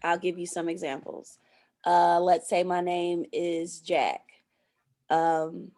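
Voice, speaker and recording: A woman's voice: on the low side, flat delivery, slow, warm tone. A woman coaching a student on podcast intros, explaining patiently and acting out playful sample openings. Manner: encouraging, explains with playful acted examples. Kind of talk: coaching, giving example intros.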